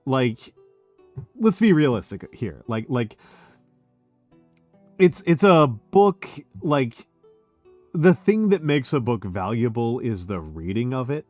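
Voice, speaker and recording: A man's voice: mid-range voice, sing-song, takes it slowly, long pauses, a little mellow, no echo, soft background music. A man chatting casually on a drinking stream, tipsy and hiccuping, rambling and emphatic with lots of fillers. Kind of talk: casual chat.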